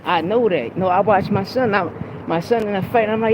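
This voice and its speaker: A man's voice: high-pitched, a little fast, muffled recording, a little hiss or hum. A man hosting a podcast, talking about boxing in a blunt, profane, heated way. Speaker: podcast host. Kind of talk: casual opinionated sports talk.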